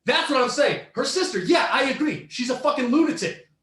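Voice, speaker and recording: A man co-hosting a podcast, ranting with heavy profanity and frequent shouting as he reacts to a story. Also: very high-pitched, animated, a little fast, roomy sound. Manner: profane, heated, often shouting. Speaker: podcast co-host. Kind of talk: ranting commentary on a reader story.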